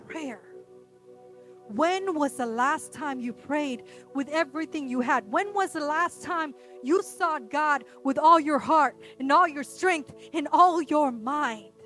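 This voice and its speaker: A woman pastor preaching a sermon, emphatic, swinging from bold declarations down to a quiet hush. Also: high-pitched.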